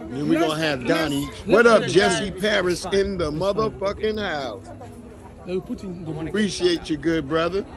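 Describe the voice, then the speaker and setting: A man hosting a livestream, giving loud, profane, mocking reactions in casual commentary. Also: high-pitched, measured pace, music in the background. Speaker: livestream host.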